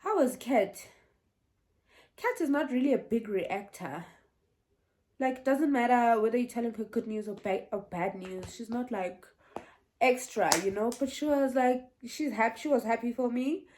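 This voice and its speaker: A woman's voice: fairly high pitch, a little slow, a little mellow. A young woman telling a casual storytime vlog, chatty and meandering, often restarting and laughing. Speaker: vlogger.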